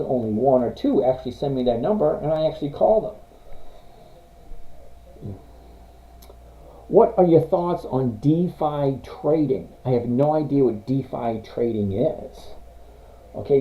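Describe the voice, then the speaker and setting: A middle-aged man hosting a casual livestream, chatting with viewers and reading out their comments. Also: fairly high pitch. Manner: chatty, reads out viewer comments, apologetic refusals. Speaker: livestream host reviewing stocks. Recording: roomy, dull lo-fi stream audio.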